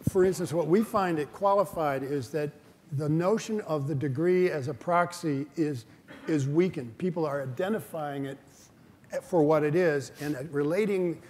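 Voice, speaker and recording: Panel guy explaining things calmly, fairly high voice, echoey hall. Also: moderate pace. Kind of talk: conference panel discussion. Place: conference hall. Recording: long hall reverb, faint noise.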